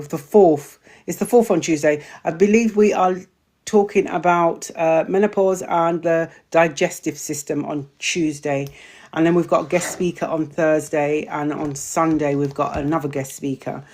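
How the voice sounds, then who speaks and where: A British woman hosts a live online community session, speaking directly to her viewers in a slightly low, somewhat mellow voice. Her delivery is chatty, covering stream chat and viewer questions, and she occasionally stumbles over longer words.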